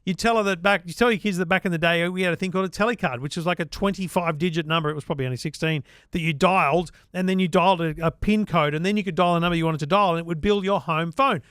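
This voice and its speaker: Australian man, high voice, tech podcast co-host, dry close mic. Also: fast talker, hardly any pauses, a bit bright, clean tone, no room sound. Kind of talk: casual tech chat and read ad.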